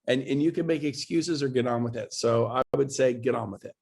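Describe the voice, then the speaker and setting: Brief: a husky-voiced male real estate coach on a video call, pushy and emphatic, building to exclamations. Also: mid-range voice, brisk, darkish tone. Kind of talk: motivational webinar talk.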